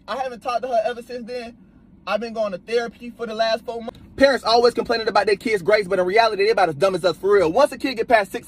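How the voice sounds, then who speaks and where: A young man telling funny personal stories in a comedic style, with animated punchline delivery. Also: high-pitched, breathy edge. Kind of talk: comedic storytelling.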